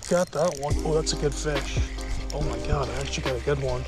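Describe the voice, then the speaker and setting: A man filming a fishing vlog outdoors by a small pond, talking excitedly and repeating his exclamations as he lands a fish. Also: on the high side, brisk, over loud music. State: shaky with excitement. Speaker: fishing vlogger.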